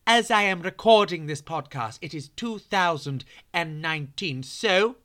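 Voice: mid-range voice, lively intonation, unhurried, fairly bright tone. Playful children's storyteller. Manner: playful, talks straight to young listeners. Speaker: children's podcast host.

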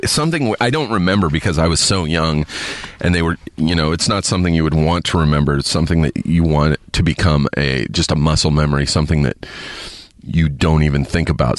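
A man's voice: extremely low pitch, no echo, studio quality. A man hosting a podcast, reading a listener email aloud and rambling chattily with lots of self-corrections. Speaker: podcast host. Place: parked car.

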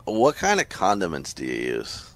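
A man's voice: sits low, moderate pace, dry recording. A man co-hosting a sports radio show, chatting casually and playfully, throwing questions at his partner. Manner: animated, jokey, throws questions.

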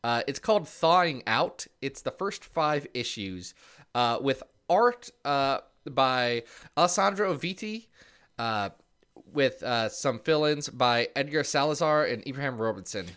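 A man's voice: mid-range voice, animated, a little slow, fairly bright tone, clear, resonant tone. A young man co-hosting a casual podcast, rambling and joking at his own expense. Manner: rambling, jokey, self-deprecating. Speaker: podcast co-host.

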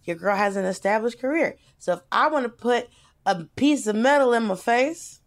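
A woman co-hosting a podcast and telling a story in casual, expressive chat. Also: fairly high pitch, moderate pace. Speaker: podcast co-host.

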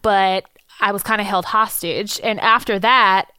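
A woman's voice: medium pitch, unhurried, clear, resonant tone, no room sound, studio quality. A woman, co-hosting a podcast and telling stories in a loose, swearing, slang-heavy way. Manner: animated storyteller, swears freely, lots of slang. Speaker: podcast co-host. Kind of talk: casual chat.

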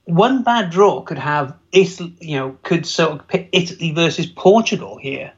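A man with a fairly high voice chats on a football podcast, agreeing readily and dropping quick jokes. He laughs often between his remarks. His recording sounds dull and lo-fi. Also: animated. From England. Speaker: podcast co-host. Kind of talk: casual chat.

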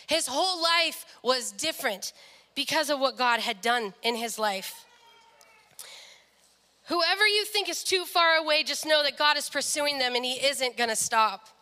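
Earnest high-voiced woman telling a story. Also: expressive, measured pace, sharp tone, in a large hall. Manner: earnest storytelling, quotes people in their own voices. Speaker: speaker sharing a testimony. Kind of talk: devotional talk with a personal story.

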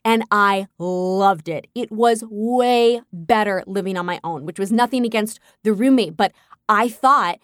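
A young adult woman hosting her own show, telling personal stories in a candid, animated way and acting out her own past thoughts. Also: medium pitch, unhurried, dry recording, clean studio sound. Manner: candid, animated storytelling with quoted inner thoughts. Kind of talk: casual personal monologue.

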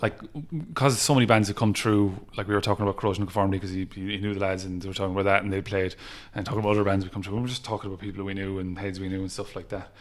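An Irish man, a music festival promoter, chatting on a podcast and telling lively stories, acting out other people's lines and laughing often. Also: sits low, very fast, few pauses. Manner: animated storyteller who acts out quotes and laughs often. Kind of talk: casual podcast interview, storytelling.

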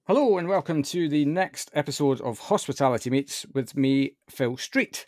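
A man's voice: a little high, lively intonation, moderate pace, hardly any pauses, a little mellow, faint music behind. A Scottish man hosting a light-hearted interview podcast, chatty and self-deprecating. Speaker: podcast host. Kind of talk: casual interview.

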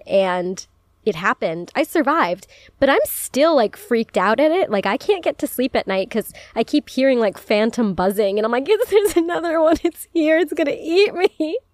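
A woman's voice: a little high, dry recording. A young woman in her twenties hosting an advice podcast in a casual, chatty way, swearing freely, laughing often and saying "like" a lot. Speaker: podcast host.

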